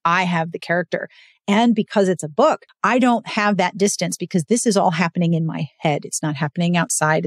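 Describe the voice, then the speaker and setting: A woman's voice: fairly low pitch, no room sound, studio quality. A woman hosting a podcast, talking casually and emphatically about books and reading. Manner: emphatic, animated storytelling. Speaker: podcast host. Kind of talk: casual chat.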